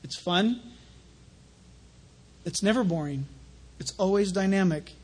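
Male preacher, very high and breathy voice, conversational sermon delivery. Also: a little slow. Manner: conversational preaching with anecdotes, rising to animated emphasis.

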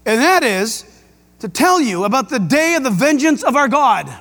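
A man preaching a sermon as pastor, emphatic and excitable, with jokes and rhetorical questions. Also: very high voice, moderate pace. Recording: long hall reverb.

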